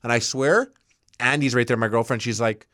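Animated man hosting a podcast. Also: mid-range voice, moderate pace, no echo, studio quality. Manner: animated storyteller, acts out quotes. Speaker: podcast host. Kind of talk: casual podcast banter.

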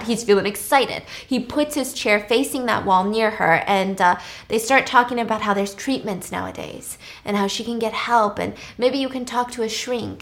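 A woman host recapping a film's plot in a chatty, animated way, with wry asides and giggles. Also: medium pitch. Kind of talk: comedic film recap.

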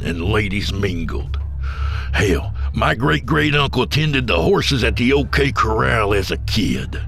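An actor playing a proud, stern Southern bartender with a slow, low drawl. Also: male voice, fairly bright tone, heavily acted.

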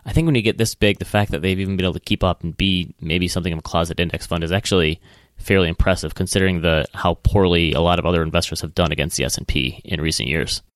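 A man's voice: low voice, quick pace, no room sound, studio quality. A man with a Midwestern accent co-hosting a podcast, chatting casually about markets and often hedging his opinions. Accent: Midwestern American. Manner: relaxed, hedging with self-corrections. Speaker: podcast co-host. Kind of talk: casual finance chat.

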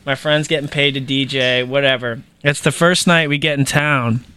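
A young man telling a story in a casual conversation, animated and slangy, with lots of swearing and fillers. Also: medium pitch, moderate pace, clear, resonant tone.

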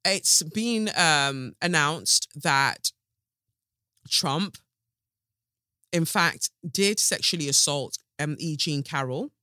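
A woman's voice: low-pitched, animated, slow pace, long pauses, bright, forceful tone, no room sound, studio quality. A woman hosting a podcast from her sofa, talking in an emphatic, sassy monologue. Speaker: podcast host. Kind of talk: casual commentary monologue. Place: home sofa.

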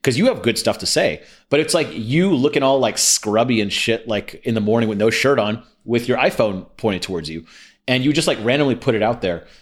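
Fast-talking blunt young man. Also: mid-range voice, animated. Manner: blunt, swears freely, quotes himself. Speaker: podcast guest, copywriter. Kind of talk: casual chat.

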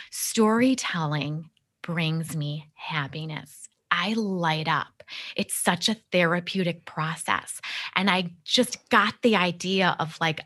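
A middle-aged woman with a voice on the low side and a sharp tone speaks a little slowly. She is an empowerment coach guesting on a podcast, reflecting earnestly on her story in a conversational interview and performing quoted lines of dialogue.

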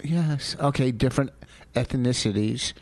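A man's voice: mid-range voice, moderate pace, darkish tone, no room sound. Rambling, griping comedian man. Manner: rambling, indignant, comic griping. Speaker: comedian podcast co-host. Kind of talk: casual married-couple banter.

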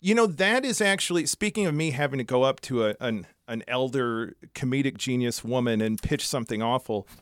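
A man's voice: medium pitch, expressive, brisk, dry recording, studio quality. A man guesting as a comedy writer, telling anecdotes and laughing through them in casual chat.

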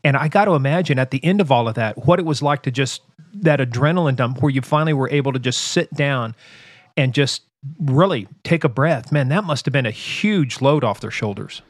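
A man hosting a podcast in casual chat, joking and animated as he talks with his co-host. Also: mid-range voice, brisk, no room sound, studio quality.

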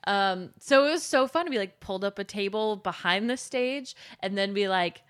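A woman's voice: mid-range voice, animated, moderate pace, fairly bright tone, smooth. A young woman co-hosting a podcast, telling a story in casual chat with lots of giggles. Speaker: podcast co-host.

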